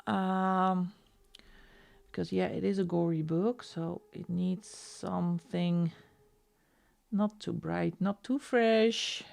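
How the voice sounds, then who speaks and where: A woman's voice: fairly low pitch, fairly even intonation, slow, gravelly, a little mellow. A Dutch woman with a Dutch accent chatting casually with her viewers while she colours on a live stream, often laughing. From Netherlands. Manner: chatty, laughs often, reads chat aloud.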